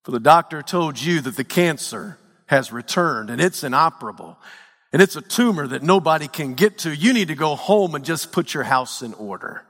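Man, pastor, dramatic sermon, high gravelly voice, long hall reverb. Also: expressive, moderate pace. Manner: dramatic preaching, swinging from hushed to shouting.

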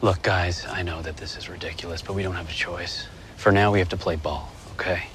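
A man's voice: sits low, steady tone, a little fast, a bit bright, a little hiss or hum. An actor playing a harried male TV producer who pleads with his cast in a film clip. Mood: apologetic.

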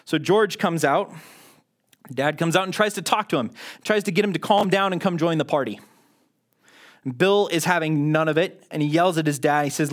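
A man's voice: fairly high pitch, a little fast. Chatty man preaching a sermon. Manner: conversational and self-deprecating, with frequent restarts. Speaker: pastor.

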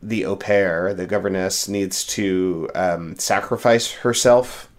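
A man co-hosting a casual chat, speaking haltingly with many fillers. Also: sits low, steady tone.

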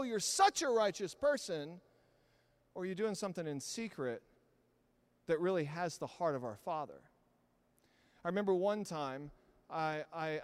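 A man preaching a sermon in an animated, conversational storytelling manner. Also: high voice, big-room sound. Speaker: pastor.

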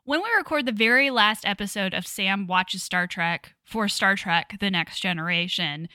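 A woman's voice: medium pitch, moderate pace, bright, forceful tone, no room sound. A woman co-hosting a podcast in casual chat, dry and sarcastic. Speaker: podcast co-host, teacher. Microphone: podcast microphone.

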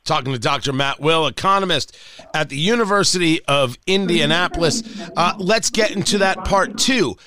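A man's voice: on the high side, normal speed, crowd noise. A man hosting a radio talk show, questioning his guest and restating the points he makes. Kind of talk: radio interview.

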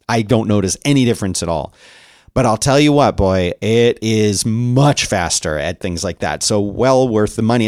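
A man's voice: fairly low pitch, a little mellow, no echo. Casual rambling man, dry close mic. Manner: rambling storyteller with many fillers. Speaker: podcast co-host. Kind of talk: casual chat.

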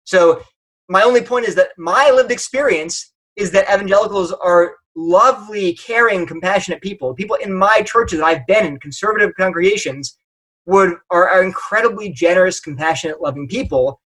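A man's voice: sits high, normal speed, fairly bright tone, low-quality recording. A man giving an emphatic, conversational talk to a church audience, often restarting his sentences. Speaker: speaker addressing a church audience.

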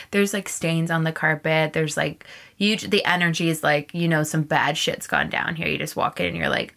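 A young woman hosts her own podcast and tells a story in a loose, unfiltered way. Her voice sits a little low for a woman, and her tone stays candid and animated, with casual swearing throughout. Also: a little slow. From Canada. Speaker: podcast host.

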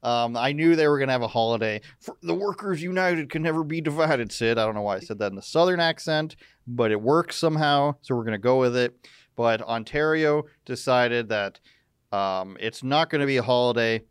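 A man hosts a live news commentary stream, cracking jokes and wandering into sarcastic asides. His voice is smooth and resonant at a middle pitch. The sound is dry and close. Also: brisk, no echo. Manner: joking, sarcastic, rambling asides.

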